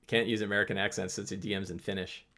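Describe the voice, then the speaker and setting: A man's voice: fairly low pitch, level tone, quick pace, pushed and bright. A man hosting a live stream, answering chat questions in a loose, rambling way with many restarts. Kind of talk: casual livestream talk.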